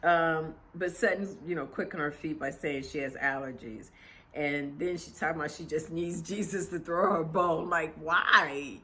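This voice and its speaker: A woman's voice: low voice, normal speed, a bit bright. A woman chatting casually as she recaps a reality TV episode, gossipy and full of fillers.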